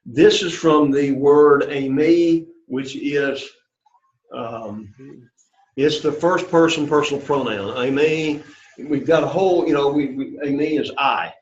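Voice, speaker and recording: A man leads a classroom lesson, patient and encouraging, heaping on praise. His voice sits a little high. The recording is dull and lo-fi, with a roomy echo. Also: a little slow. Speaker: Greek teacher. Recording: echoey room, dull lo-fi sound.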